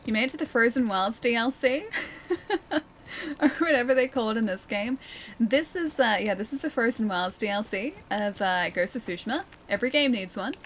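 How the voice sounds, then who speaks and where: A woman's voice: fairly high pitch, moderate pace, a bit bright, a little hiss or hum. A young woman streaming a game, chatting casually and giggling as she thinks aloud. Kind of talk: casual gameplay commentary.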